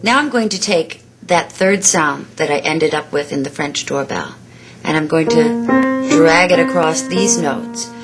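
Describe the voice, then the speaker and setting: A woman's voice: deep voice, loud music behind the voice. A woman vocal coach giving a lesson, explaining and demonstrating sounds and praising her student in short bursts. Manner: instructive, demonstrates sounds, gives quick praise.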